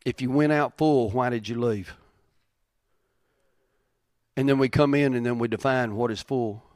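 A man's voice: mid-range voice, measured pace, a little mellow, no echo, studio quality. A man preaching a sermon, reading old-style scripture aloud and repeating key lines for emphasis.

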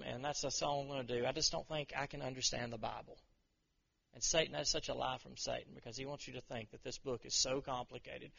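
A man's voice: mid-range voice, gravelly, fairly bright tone, highs cut off. A man preaching a sermon in a conversational way, acting out people's inner voices as he goes. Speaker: pastor.

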